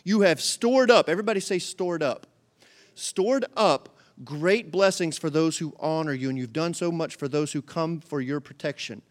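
A man's voice: a little high, normal speed. A man preaching a sermon to a congregation, passionate, with repeated rhetorical questions and calls to the audience. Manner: passionate preaching, rising to near-shouts when voicing God. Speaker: pastor.

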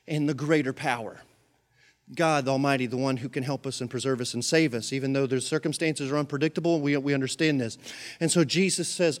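A male pastor preaching a sermon with humorous, animated storytelling. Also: on the high side.

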